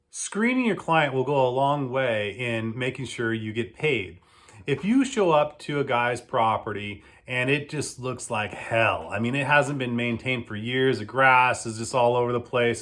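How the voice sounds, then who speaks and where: A man who runs a lawn care business, giving casual advice and telling animated stories in which he acts out both sides of the exchanges. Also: medium pitch.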